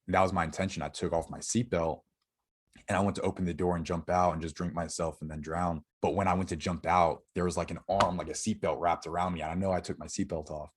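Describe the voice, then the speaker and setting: A young man with a notably deep, low voice talks as an interview guest. He tells a personal story in a candid, halting way, stopping and restarting and leaning on fillers. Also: flat delivery. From Florida. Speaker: podcast guest.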